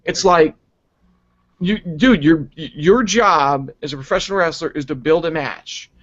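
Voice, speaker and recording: A man's voice: fairly high pitch, a little slow, a bit bright. Sarcastic, exasperated man ranting. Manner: sarcastic and exasperated, heavy swearing. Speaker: wrestling reviewer. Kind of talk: profane ranting review. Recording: dull lo-fi recording.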